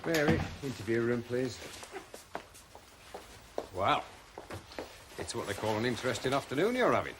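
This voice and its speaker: Guy playing a dry matter-of-fact sergeant, lively pitch, hissy old tv sound. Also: moderate pace, pauses often, natural voice. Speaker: police sergeant. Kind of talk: 1980s television police drama.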